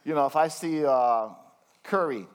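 An older man preaching a conversational sermon, reading scripture slowly between folksy, chuckling asides. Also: on the high side, clean tone. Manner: folksy, chuckling asides, slows down to read verses.

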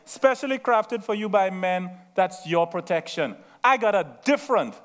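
A bold, defiant young shepherd hero, as a male preacher acts him out in a sermon. He talks in a somewhat high voice and hammers his point with emphatic repetition. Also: expressive, a little slow. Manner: emphatic, repeating lines for effect.

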